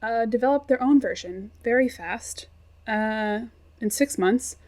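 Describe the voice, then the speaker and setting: Young woman with a highish voice, giggly, reading facts on a chatty podcast. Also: unhurried, darkish tone. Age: young adult. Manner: giggly, reads facts with asides. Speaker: podcast co-host presenting research. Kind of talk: casual chat.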